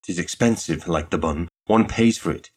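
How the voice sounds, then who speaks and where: A man's voice: low voice, moderate pace, breathy edge. A man reading aloud and voicing a precise, dry-humoured young man proposing in a pastry shop. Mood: deadpan. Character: grave, whimsical red-haired young man.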